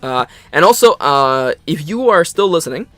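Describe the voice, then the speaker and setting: A man's voice: a little high, normal speed, soft background music. A man co-hosting an anime reaction video in casual chat, joking and restarting his words. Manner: animated, jokey, stumbling restarts.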